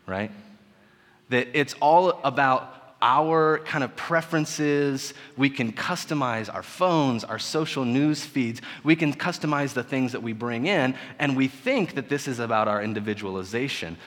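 A man in his thirties preaching a sermon, conversational and joking, with sudden loud emphasis. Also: medium pitch. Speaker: pastor. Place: church sanctuary. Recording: long hall reverb.

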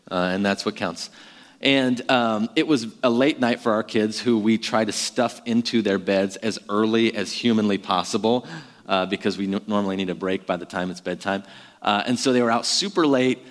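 Pastor, man, 30s, relaxed conversational sermon, filler-heavy, hall reverb. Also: lowish voice. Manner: conversational, self-deprecating, lots of fillers.

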